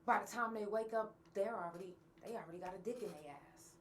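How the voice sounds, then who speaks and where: A podcast host with a medium-pitched voice talks fast in a candid monologue, addressing her listeners bluntly and angrily and swearing often. The mic sounds distant, and there's a bit of hiss or hum.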